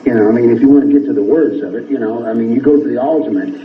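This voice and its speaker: A man giving long, rambling interview answers that swing from a low drawl to heated outbursts. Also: racing, a little hiss or hum. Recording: archival phone-like TV audio, echoey, distant.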